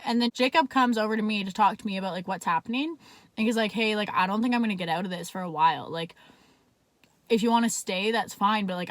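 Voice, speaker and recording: A woman's voice: mid-range voice, dry recording. A young woman from Canada telling a story in a casual, chatty way, swearing often and filling her talk with "like". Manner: chatty, swears a lot, heavy use of "like". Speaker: vlogger.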